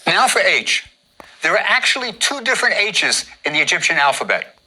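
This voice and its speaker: A man with a very bright, forceful voice gives a patient drawing lesson. His pitch moves a lot, rising on each instruction and dropping as he finishes a step. He repeats every step calmly. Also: brisk, low-quality recording. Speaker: teacher.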